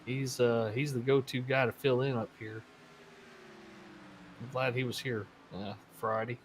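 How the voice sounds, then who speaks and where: A man's voice: medium pitch, little pitch movement, measured pace, a little hiss or hum. A man commentating a sim race, chatting earnestly with co-hosts and reading viewer comments. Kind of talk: casual booth banter and race calls.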